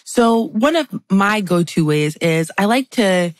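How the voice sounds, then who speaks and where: A woman guest on a podcast, explaining friendship dynamics in a lively conversational way and acting out quoted remarks. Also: medium pitch, measured pace, dry recording. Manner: animated, acts out catty quotes.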